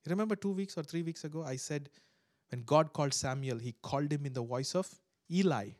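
A pastor preaches a sermon to a congregation both live and online, his slightly high voice moving fairly quickly between loud exhortation and hushed prayer. He acts out voices in his stories, and the recording is dry.

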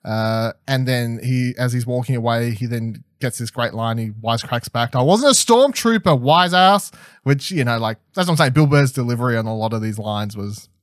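A man's voice: medium pitch, steady tone, fairly quick, few pauses, dry recording. A young man co-hosting a podcast, talking casually with an eager, rambling energy that's full of fillers and false starts. His voice sits right in the middle range. The sound is dry and close, with no room around it. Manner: enthusiastic, rambling, lots of fillers and restarts. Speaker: podcast co-host reviewing a TV episode. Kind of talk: casual chat.

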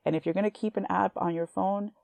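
A young woman hosting a Christian podcast, talking earnestly and warmly to her listeners as sisters, at times emotional. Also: medium pitch, fairly even intonation, fast, creaky, dry recording. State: emotional, near tears. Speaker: podcast host. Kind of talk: faith podcast encouragement.

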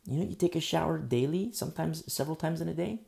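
A man preaching a sermon as pastor, emphatic and repetitive, swinging between loud bursts and hushed asides. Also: fairly high pitch, quick pace, gravelly. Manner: repetitive, with frequent fillers.

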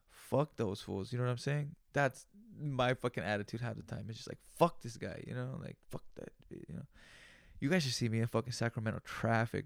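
A man's voice: medium pitch, gravelly, no echo, clean studio sound. A man hosting a solo podcast, talking in a loose, profane, rambling rant. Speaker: podcast host.

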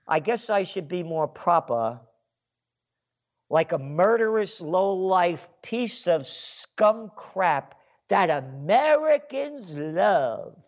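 A man with a somewhat high, wildly swinging voice fires off a slow, sarcastic radio rant full of insults. The sound is dull and lo-fi, like an old broadcast line. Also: animated. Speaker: radio host. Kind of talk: ranting radio monologue.

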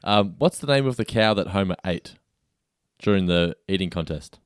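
A man's voice: sits low, animated, normal speed, clean tone, no echo, studio quality. A man co-hosting a podcast in casual chat, joking and laughing often. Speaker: podcast co-host.

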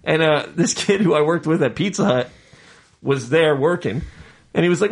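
A man's voice: a little high, expressive, fairly quick, gravelly, breathy edge. A man co-hosting a podcast, telling swear-filled stories in casual chat and acting out the people he quotes. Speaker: podcast co-host.

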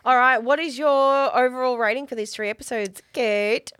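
A woman's voice: high voice, moderate pace, a bit bright, clear, resonant tone, no room sound, clean studio sound. Giggly woman podcast co-host. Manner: giggly, chatty, reads listener reviews aloud. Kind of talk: casual chat.

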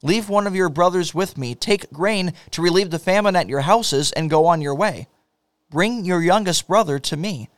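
Read by a man: guilt-stricken brothers pleading their case in a bible story, spoken earnestly in a plain, slightly high voice. The recording is close and dry. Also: normal speed, dry recording, natural voice.

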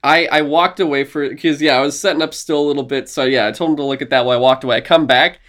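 A man's voice: on the high side, steady tone, fast talker, fairly bright tone. A man in his twenties hosting a podcast in casual chat, rambling and laughing along with many fillers and restarts. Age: 20s. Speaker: podcast host.

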